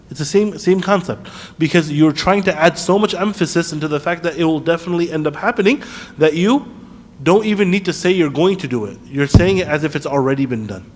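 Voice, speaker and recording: Guy teaching a class in a mosque, kinda high voice, asks questions, reverby hall. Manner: recites Arabic verses quickly. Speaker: teacher of Quran commentary. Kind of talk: classroom lesson.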